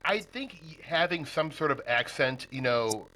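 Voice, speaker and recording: A man's voice: fairly high pitch, lively intonation, measured pace, pushed and bright, a little hiss or hum, low-quality recording. A man from Nebraska hosting a podcast, chatting casually and laughing often with his guest. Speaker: podcast host. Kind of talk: casual interview chat.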